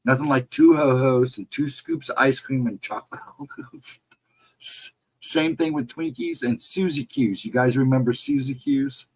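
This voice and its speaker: A middle-aged man talks to viewers on a casual livestream, reading the chat as it scrolls by and answering each one. His tone is relaxed and reassuring. His voice sits at an ordinary pitch with a husky edge. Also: measured pace, low-quality recording. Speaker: livestream host.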